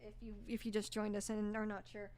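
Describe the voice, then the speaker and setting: A young woman streamer in casual live-stream chat, rambling and gushing with lots of fillers, her voice a bit hoarse. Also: medium pitch, completely flat delivery, brisk, a little mellow, a little hiss or hum.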